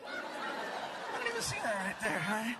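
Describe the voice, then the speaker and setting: High-voiced laughing stand-up comedian man. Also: a little slow. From United States. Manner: lively, playful, laughing at his own jokes. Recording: live club recording with loud crowd. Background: audience laughter and noise.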